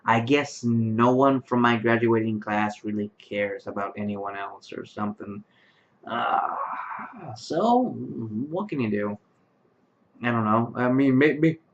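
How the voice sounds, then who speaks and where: A man's voice: fairly low pitch, unhurried. A man in his late twenties, tired late at night, talking to camera in his bedroom with lots of fillers and restarts. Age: late 20s. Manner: rambling, many fillers and restarts. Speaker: vlogger. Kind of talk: casual talk to camera. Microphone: webcam microphone. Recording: dull lo-fi webcam sound.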